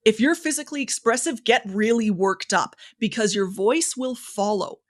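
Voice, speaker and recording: Speaking at normal speed, a female podcast guest shares tips on public speaking. Her delivery is lively and expressive, full of shifts in pitch.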